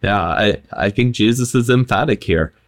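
A man's voice: on the low side, moderate pace, dry recording. A man, a pastor, explaining a scripture passage earnestly in a casual talk, with stammered starts.

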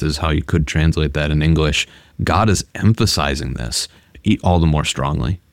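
Very deep-voiced pastor. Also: male voice, moderate pace, creaky, no echo. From United States. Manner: earnest, explanatory, restarts phrases often. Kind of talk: conversational Bible study discussion.

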